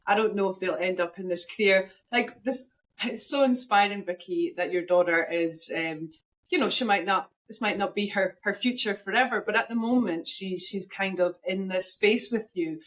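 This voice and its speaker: A woman's voice: medium pitch, moderate pace, a bit bright. A woman with a Scottish accent hosting a casual interview over a video call, effusive and enthusiastic. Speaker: podcast host.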